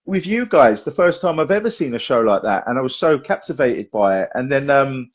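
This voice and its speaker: A man's voice: medium pitch, brisk, husky, highs cut off. A man hosting a podcast, telling stories casually, with a lot of swearing. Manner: chatty storyteller, lively, swears, acts out voices. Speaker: podcast host and magician. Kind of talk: casual chat.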